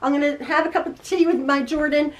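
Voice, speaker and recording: A middle-aged woman with a high voice tells a story to camera in a casual, chatty way. She laughs often and wanders off into asides as she goes. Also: fairly even intonation, brisk. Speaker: quilting video host.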